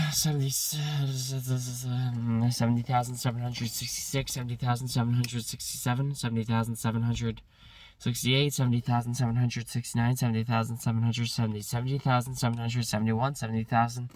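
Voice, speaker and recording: A man's voice: mid-range voice, level tone, a little mellow, far from the mic. A man counting numbers aloud in a long solo stream, rattling them off by rote and correcting his slips. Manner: rapid rote counting with slips, self-corrections and bursts of swearing frustration.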